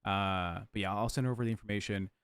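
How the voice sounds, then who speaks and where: A man's voice: fairly low pitch, fairly even intonation, quick pace, fairly bright tone, smooth, dry recording. A man co-hosting a livestream, chiming in with wry jokes and comments. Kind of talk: casual livestream chat.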